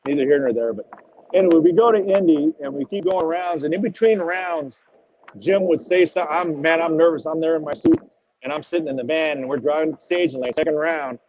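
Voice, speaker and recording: Man telling stories, slightly high-pitched, muffled sound. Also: fairly quick, a little hiss or hum. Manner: animated, swears freely, acts out quotes. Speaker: retired drag racing driver as podcast guest. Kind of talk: casual storytelling interview. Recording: dull lo-fi audio.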